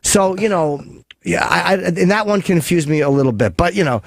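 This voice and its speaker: A man's voice: sits high, expressive, normal speed, vocal fry, dry recording, studio quality. A man hosting a radio show and taking calls, talking in a rambling, crude way that keeps breaking off and restarting. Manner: rambling, self-interrupting, crude. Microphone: studio microphone.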